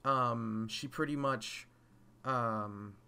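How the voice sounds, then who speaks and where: A man's voice: mid-range voice, drawn-out words, gravelly, pushed and bright, clear, resonant tone. A man giving a casual, scatterbrained spoken review of a show, full of fillers, restarts and casual swearing. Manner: scatterbrained, rambling with frequent fillers. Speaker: video reviewer.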